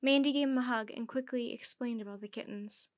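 Woman storyteller, children's book read-aloud, gentle, fairly high voice, dry close sound. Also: a little fast, dry recording.

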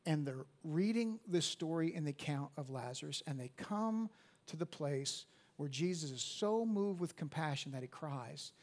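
A man in his fifties, a pastor preaching a sermon in a church, swinging from hushed to loud emphatic peaks and repeating words as he restarts. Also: on the high side, expressive, moderate pace. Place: church sanctuary at a live service.

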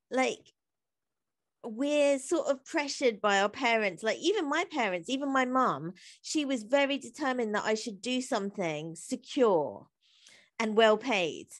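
A woman talking as a podcast guest in a chatty, animated way, laughing often and filling her speech with "like". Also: high-pitched. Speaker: guest, comedy writer and singer. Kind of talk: casual interview conversation.

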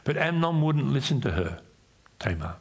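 Preaching from the pulpit with an Australian accent, this man sounds very animated and slightly rough at a moderate pace. His pitch swings up and down as he voices the characters in the stories he retells.

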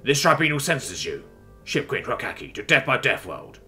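A man's voice: medium pitch, big pitch swings, normal speed, pushed and bright, faint music behind. A man voicing a commanding male alien judge who speaks in formal, proclaiming tones in an audiobook story.

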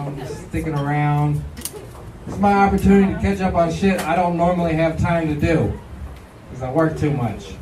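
A man performing a stand-up comedy set in a slow, deadpan manner, taped live in a club. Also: high-pitched, roomy sound, distant mic, noisy background.

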